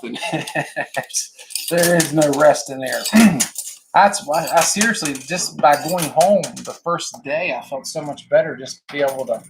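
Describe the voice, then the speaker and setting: A man's voice: a little high, background noise. A man hosting a live stream, a little out of breath, chatting casually with viewers, greeting them by name and laughing often.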